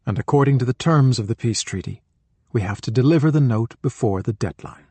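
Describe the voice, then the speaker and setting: Husky-voiced man narrating an audiobook. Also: mid-range voice, brisk, warm tone, no echo. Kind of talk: calm scripted narration of a spiritual book.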